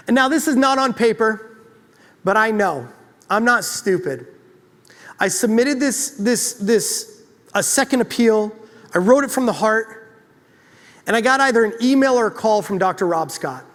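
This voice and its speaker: Man, very high voice, motivational storytelling talk, joking and self-deprecating, long hall reverb. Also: moderate pace, fairly bright tone. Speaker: speaker at a chiropractic event.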